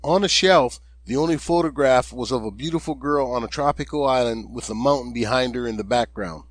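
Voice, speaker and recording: Man, mid pitch, measured audiobook narration, dry sound. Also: no room sound. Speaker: author and narrator.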